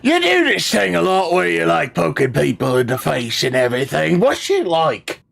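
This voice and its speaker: Guy doing a loud gravelly brute, rough slang, voice swings all over. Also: fairly high pitch, sing-song, normal speed, full character voice. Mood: brash. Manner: shouting, brash. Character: loud rowdy brutish male warrior.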